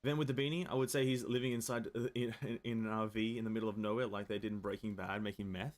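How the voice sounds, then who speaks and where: A man's voice: lowish voice, fairly even intonation, fast talker. A young man, rambling and joking in casual live-stream chat as he plays a game and answers his chat.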